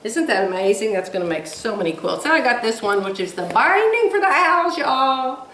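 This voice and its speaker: A woman's voice: fairly high pitch, sing-song, moderate pace, fairly bright tone, echoey room, far from the mic, slight background noise, poor audio. A woman vlogging from home in a chatty, gushing way, laughing often as she talks. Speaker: quilting vlogger. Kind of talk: casual chat to camera. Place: home room.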